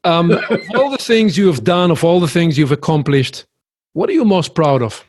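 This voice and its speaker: A man's voice: a little high, expressive, normal speed, a little mellow. A man hosting a podcast, interviewing his guest in a friendly way and laughing easily. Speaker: podcast host.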